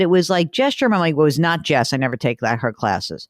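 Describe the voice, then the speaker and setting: A middle-aged woman hosting a show, chatting and telling stories in a casual, animated way. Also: low voice, fast talker, no room sound, studio quality. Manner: chatty, animated storytelling with laughs. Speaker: host. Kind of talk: casual chat.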